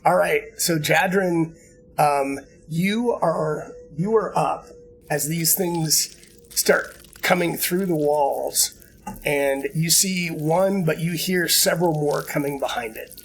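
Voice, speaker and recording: A man narrating a tabletop game as game master, easygoing and halting, with many fillers and restarts. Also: fairly high pitch, a little hiss or hum, poor audio.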